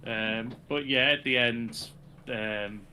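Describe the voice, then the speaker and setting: A man's voice: mid-range voice, steady tone, slow pace, pushed and bright, slight background noise. A man co-hosting a podcast, recapping wrestling events casually and laughing often. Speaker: podcast co-host.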